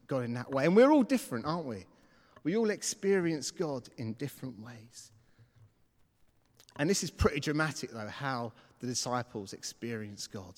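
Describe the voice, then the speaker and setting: A preacher tells his story from the pulpit, his voice high and swinging widely in pitch. He acts out his own past reactions as he goes. A long church reverb trails behind every phrase. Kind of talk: sermon with personal story.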